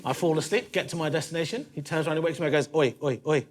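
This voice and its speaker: A male stand-up comedian telling stories in a comedy club, animated and punchy, swearing freely. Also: fairly high pitch, very fast.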